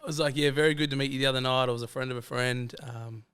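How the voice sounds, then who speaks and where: An Australian man rattles through his anecdotes at a quick clip as a podcast guest. He acts out every quoted line of dialogue in a mid-pitched voice. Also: clear, resonant tone. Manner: animated, fast-flowing anecdotes that act out quoted dialogue. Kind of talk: casual storytelling chat.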